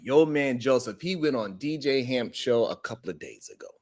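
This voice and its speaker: A man hosting a live-stream talk show, talking in an emphatic, slangy, animated way. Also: medium pitch, moderate pace. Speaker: host.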